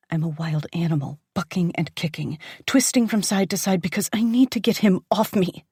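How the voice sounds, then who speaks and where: A woman narrating a dark romance audiobook in the first person, intense and dramatic, often dropping to a whisper. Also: fairly low pitch, steady tone, moderate pace, few pauses, breathy edge, no room sound, clean studio sound.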